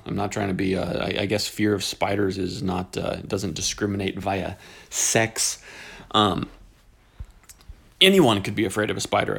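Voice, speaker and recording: A man's voice: fairly low pitch, vocal fry, husky. A man in his forties hosting a podcast, talking in a casual, jokey way that wanders into tangents. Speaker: podcast host. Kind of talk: casual rambling podcast monologue.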